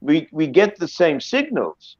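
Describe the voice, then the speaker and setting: A man's voice: a little high, very animated, measured pace, darkish tone, no echo. A man speaking emphatically on an academic video-call panel, often repeating words as he reworks a thought. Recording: dry, slightly dull lo-fi audio.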